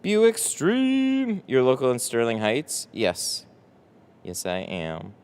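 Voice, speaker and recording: A man's voice: on the low side, takes it slowly, clean tone. Tired, rambling man live-streaming. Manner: rambling, reads chat aloud, swears casually. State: tired, no coffee. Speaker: window tint shop owner streaming live. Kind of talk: casual live-stream chat.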